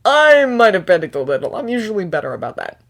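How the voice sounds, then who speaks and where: A woman voicing a composed teenage boy who gives calm, clipped replies. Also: mid-range voice, quick pace. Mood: sheepish.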